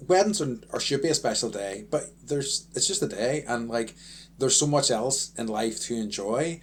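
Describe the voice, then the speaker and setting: A man's voice: mid-range voice, lively intonation, normal speed. A man chatting on a podcast as co-host, rambling with lots of fillers and restarts. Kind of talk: casual chat.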